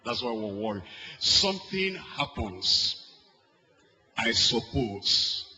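Bright-voiced preacher, slow and emphatic. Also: male voice, fairly low pitch, very animated, low-quality recording. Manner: emphatic, repeats phrases, swings loud and soft. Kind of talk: sermon.

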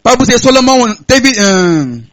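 A man's voice: very high-pitched, sing-song, normal speed, a bit bright, poor audio. A man with a Nigerian accent preaching a sermon on stage, repeating his points and asking the audience to answer back. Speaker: pastor. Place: church hall, on stage.

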